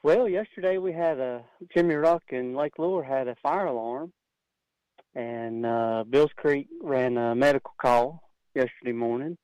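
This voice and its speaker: A man's voice: mid-range voice, a little slow, darkish tone, clean tone, no echo, low-quality recording. Plain-spoken man on a dry line. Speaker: caller with fire department report. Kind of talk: casual call-in report.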